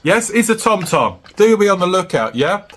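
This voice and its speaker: A man talks casually to his viewers in a jokey, upbeat vlog. His voice sits on the higher side for a man, and he keeps coming back to the viewers as "guys". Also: moderate pace. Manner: chirpy, jokey, keeps saying "guys", swings high when excited. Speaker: reseller vlogger. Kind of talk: casual chatty vlog to camera.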